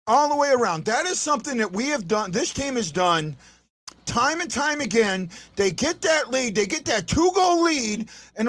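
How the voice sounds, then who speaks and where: A fan show host ranting angrily after a game, shouting and repeating words over and over. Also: medium pitch, very animated, moderate pace, no room sound. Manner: angry, shouting, repeating himself. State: upset. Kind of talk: post-game fan rant.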